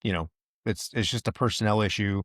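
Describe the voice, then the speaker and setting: A man with a low voice tells his story casually and animatedly, and his voice rises when he acts out what others said. The recording is dry and close, with no room echo. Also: brisk. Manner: animated retelling, quotes others in raised voice. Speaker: podcast host, veteran.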